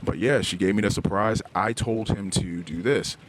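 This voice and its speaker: A middle-aged man hosting a podcast, telling a personal story in a candid, halting way, often restarting and searching for words. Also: on the low side, background noise. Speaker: podcast host. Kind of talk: personal confessional podcast monologue. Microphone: podcast microphone, self-recorded.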